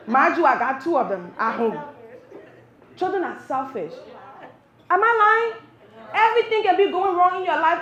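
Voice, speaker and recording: A woman doing a stand-up comedy set in a live cafe, animated and talking straight to the crowd. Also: high-pitched. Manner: animated, talks to the crowd, playful teasing. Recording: roomy live venue sound.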